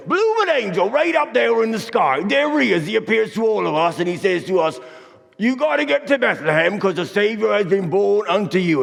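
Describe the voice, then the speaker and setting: A man voicing an excitable male shepherd in a crazy, high put-on voice, in a church Christmas monologue. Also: creaky, heavily acted. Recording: echoey church hall.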